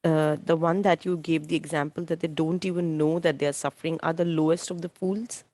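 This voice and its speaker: A woman's voice: low voice, steady tone, fairly quick, a little mellow, dry recording. A woman in a class discussion, asking hesitant questions to check her understanding. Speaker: class participant.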